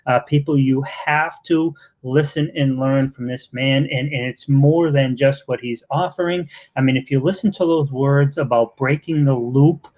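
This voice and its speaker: A man's voice: mid-range voice, normal speed, hardly any pauses, a little mellow. A man with a Boston accent hosting a live-stream interview, effusive and joking, with lots of fillers. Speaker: interviewer and show host.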